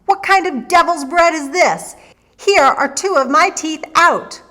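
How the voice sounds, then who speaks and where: A woman voicing a boastful, gluttonous male giant who bellows and shouts. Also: fairly high pitch, expressive, a little slow. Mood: outraged.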